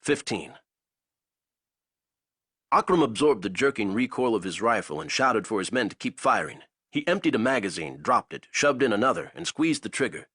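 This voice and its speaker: A male narrator reads an action novel aloud with a husky voice. His pitch moves a lot as he builds each scene. The recording is dry, with no room sound. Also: big pitch swings, moderate pace, a bit bright, dry recording. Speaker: audiobook narrator. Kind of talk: dramatic audiobook narration.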